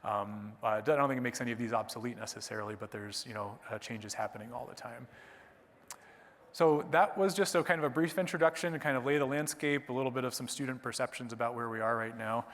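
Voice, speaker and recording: Here the presenter's voice is mid-range and fairly bright, moving at a quick pace. He's a clerkship educator giving a conference talk and fielding audience questions, conversationally adding "right?" to his points, with long lecture-hall reverb on the recording.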